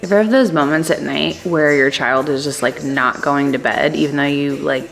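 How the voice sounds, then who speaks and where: A woman's voice: low-pitched, moderate pace, vocal fry, soft background music. A young, heavily pregnant woman vlogging casually at home, chatty and giggly with lots of fillers. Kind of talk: casual vlog talk to camera.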